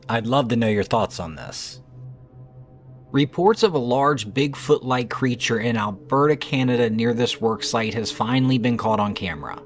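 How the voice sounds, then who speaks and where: A man narrating trail cam clips in a scripted, conversational way with skeptical asides. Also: mid-range voice.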